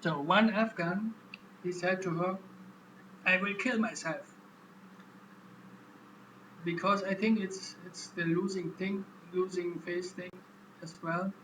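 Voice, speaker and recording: A man vlogging in a casual monologue, speaking haltingly and repeating words as he explains. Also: high voice, steady tone, background noise.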